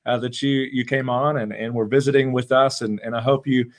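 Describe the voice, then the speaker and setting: A man's voice: medium pitch, steady tone, a little fast. A man hosting a podcast, talking casually with lots of fillers and restarts. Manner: rambling with many fillers and restarts. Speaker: podcast host. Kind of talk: casual chat.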